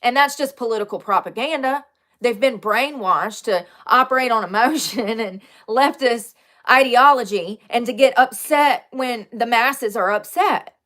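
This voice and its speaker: A woman with a somewhat high voice chats casually on a livestream. She is blunt and animated, reads out viewers' comments and answers them, and laughs often as she tells her stories. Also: measured pace. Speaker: livestream host.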